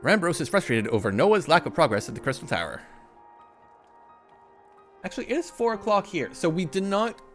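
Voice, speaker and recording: Playful, animated male game streamer. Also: on the high side, brisk, long pauses, faint music behind. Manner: playful, teasing, laughing often. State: tired voice. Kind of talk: casual game stream chat.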